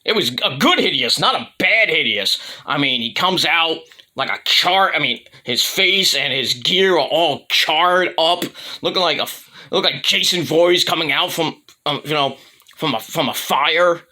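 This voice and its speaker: A man's voice: fairly high pitch, expressive, normal speed, pushed and bright. A man giving a casual, rambling solo review rant about wrestling, full of fillers and restarts, blunt and irreverent.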